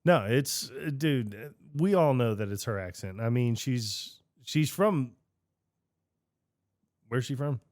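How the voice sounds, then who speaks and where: A man's voice: mid-range voice, takes it slowly, no echo, studio quality. Playful, stubborn man on a chatty podcast. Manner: playful, stubborn, jokey deadpan asides. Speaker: podcast co-host. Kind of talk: casual podcast chat.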